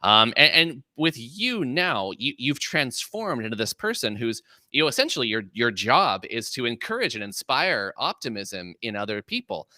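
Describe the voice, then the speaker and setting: A man's voice: mid-range voice, sing-song, moderate pace, few pauses, sharp tone, dry recording, studio quality. A man hosting a casual interview podcast, thoughtful, restarting phrases as he builds long questions. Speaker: podcast host.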